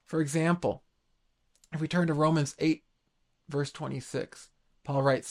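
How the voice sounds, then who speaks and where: A man in his late thirties preaching a sermon, earnest and halting, often restarting his sentences. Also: fairly high pitch, steady tone, a little mellow. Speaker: pastor.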